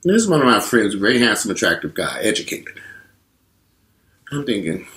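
A man in his forties tells a frank, profane story directly to his viewers. His pitch swings widely as he exaggerates and acts out his reactions. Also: brisk, long pauses. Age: 40s. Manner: animated, profane, talks straight to viewers. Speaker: vlogger. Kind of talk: candid storytelling monologue.

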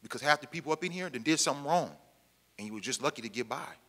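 A man's voice: medium pitch, animated, racing, fairly bright tone. A man from the Pacific Northwest who was formerly incarcerated, speaking emphatically to an audience in a meeting hall and repeating his key lines in plain, colloquial speech. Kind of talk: impassioned public talk to an audience. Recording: long hall reverb.

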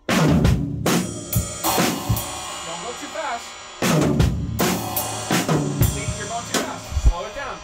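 A woman's voice: a little high, animated, drawn-out words, long pauses, loud music behind the voice. A woman giving a one-on-one drum lesson, counting and scat-singing rhythms and correcting her student. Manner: coaching, corrective. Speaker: drum teacher. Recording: distant mic with loud drum kit.

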